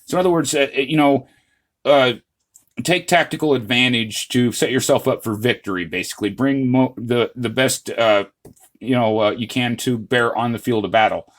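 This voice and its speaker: A man's voice: medium pitch, normal speed. A man hosting his own channel, talking casually through a history topic in a rambling, earnest way, full of "uh, you know" fillers and restarts. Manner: earnest, addresses viewers as "guys". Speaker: channel host. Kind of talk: casual history vlog monologue.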